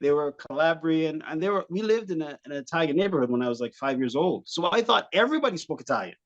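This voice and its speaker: A man's voice: fairly high pitch, fast talker, lo-fi sound. A man from Canada, a comedian guest, telling comic stories and laughing often as he talks. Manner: animated, laughing often, jumps into impressions. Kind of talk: comic storytelling.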